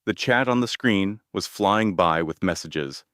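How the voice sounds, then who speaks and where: A man narrating a scripted story with a measured, even delivery. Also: low voice, no room sound, studio quality.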